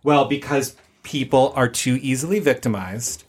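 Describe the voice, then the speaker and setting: A man's voice: medium pitch, moderate pace, breathy edge. A man co-hosting a podcast, chatting casually and telling rambling family stories with lots of fillers. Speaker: podcast co-host.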